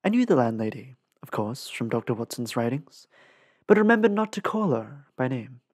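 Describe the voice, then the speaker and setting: An audiobook reader narrates a storybook chapter in a middling-pitched voice that is measured and careful yet very animated, with a breathy edge. The pacing is deliberate with an occasional small restart. The recording is close and completely dry.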